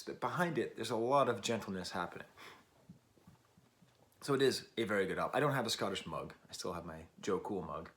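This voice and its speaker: A man's voice: lowish voice, lively intonation, fairly quick, a bit bright. An American man hosting his own record review, musing aloud in a digressive way and searching for the right words. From United States. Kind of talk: casual album review.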